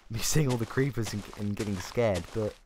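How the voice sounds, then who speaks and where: Brisk and fairly low-voiced, a young male gaming YouTuber offers casual commentary while playing, thinking out loud and joking at his own expense. The background is noisy, and keyboard clicks can be faintly heard.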